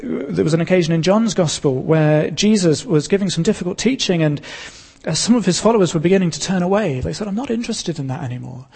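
A man preaching a sermon as pastor of his church, earnest and emphatic, repeating key lines with pauses. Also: high voice, gravelly, a little mellow, husky, long reverb tail.

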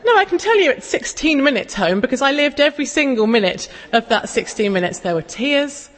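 A woman's voice: high voice, sing-song, fairly quick. Chatty woman preaching in a hall. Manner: chatty, self-deprecating storytelling. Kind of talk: casual sermon. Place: church. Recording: long echo of a church hall.

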